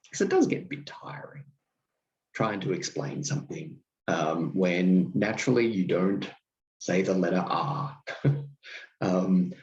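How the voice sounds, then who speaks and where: Slow, low-voiced Australian man. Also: a little mellow, echoey room, lo-fi sound. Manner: thoughtful, unhurried storytelling. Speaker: podcast host. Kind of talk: reflective solo podcast talk.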